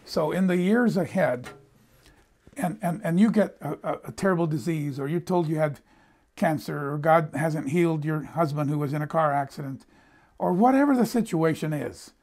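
Older man preaching, gravelly voice. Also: a little high, moderate pace, a little mellow. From United States. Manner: conversational storytelling, repeats words when he stumbles. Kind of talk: sermon.

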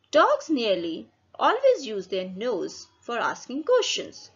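A woman reads a children's story aloud for learners at a slow, deliberate pace. Her voice is slightly husky and rises and falls a lot. The recording sounds a little dull and lo-fi. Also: on the high side, wildly swooping pitch. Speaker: reader.

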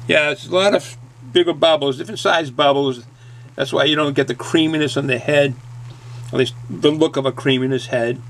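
Gravelly Boston man reviewing beer. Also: on the high side, steady tone, normal speed, fairly bright tone, slight background noise. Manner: rambling, folksy, repeats himself. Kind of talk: casual beer review vlog.

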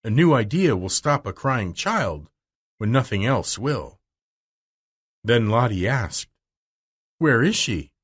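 A man reading a children's novel aloud slowly and expressively for language learners. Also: fairly low pitch. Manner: slow, clear, expressive. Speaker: narrator.

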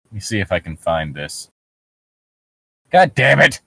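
A man's voice: on the low side, sing-song, a little slow, vocal fry, a bit bright, slight background noise. A man co-hosting a casual podcast, joking, laughing often and reading excerpts aloud. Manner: jokey, laughs a lot, reads excerpts aloud. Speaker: podcast co-host.

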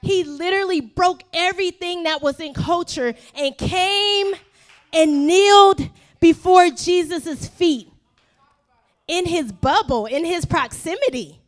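A woman pastor preaches with a high, bright voice, animated and full of humor. She repeats phrases for emphasis and slips into playful voices of people in the story, keeping her listeners hooked. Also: takes it slowly. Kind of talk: sermon.

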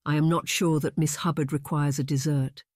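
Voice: medium pitch, little pitch movement, moderate pace, a little mellow, no room sound, lightly acted. A narrator playing a rude young nobleman, smirking and condescending. The read is close and dry, an audiobook character voice. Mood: smug.

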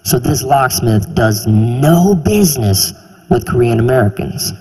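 A stand-up comedian from South Carolina, talking in an animated way and acting out other people's voices. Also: male voice, measured pace, breathy edge. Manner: animated, puts on voices of others, jumps high in pitch. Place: large theater stage. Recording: live hall reverb, faint ambience.

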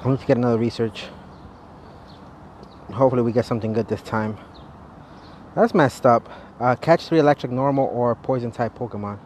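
A man talks into his phone as he walks a city street, chatting casually and swearing freely while he plays a mobile game. His pitch sits mid-range. Traffic and street noise run clearly behind him the whole time. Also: a little fast, pauses often. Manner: profane, chatty, loud exasperated outbursts. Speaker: vlogger playing a mobile game. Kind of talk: casual live walking vlog. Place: outdoors on a city street, walking.

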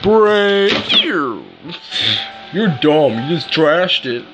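A woman's voice: deep voice, sing-song, extremely slow, music in the background. A woman in playful banter, teasing and goofing around with silly chanted noises. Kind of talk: playful banter over toys. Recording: muffled lo-fi with faint hiss.

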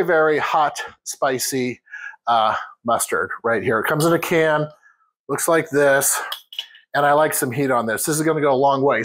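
A man's voice: fairly high pitch, a bit bright, low-quality recording. A man hosting a home cooking demonstration in a kitchen, chatting casually and addressing viewers as guys.

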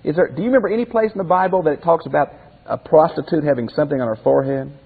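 A man teaches a Bible commentary lesson in a folksy, homespun way, asking rhetorical questions as he goes. His voice sits a little high and sounds husky. The recording is thin and phone-like, with a long hall echo. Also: very fast. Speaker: pastor teacher.

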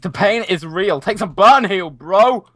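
A man's voice: sits high, a little slow, a bit bright, no echo, studio quality. A young man from the United Kingdom chatting casually while playing a game, teasing and joking with frequent laughs. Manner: teasing, jokey, laughs often. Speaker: gamer. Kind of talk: casual gaming chat.

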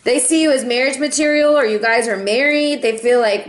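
A woman's voice: on the high side, fairly quick, echoey room. Chatty woman giving a tarot reading. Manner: chatty and playful, sings and meows in bursts. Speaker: tarot reader.

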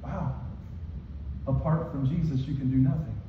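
A male pastor preaching a sermon with emphatic repetition, moving from raised, shouted lines to soft ones. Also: mid-range voice, fairly even intonation, moderate pace, background noise. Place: church hall. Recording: echoey hall from far off, dull.

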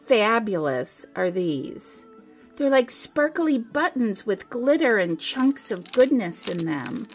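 A woman craft vlogger unboxing a gift package, gushing and exclamatory, with frequent gasps. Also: fairly high pitch.

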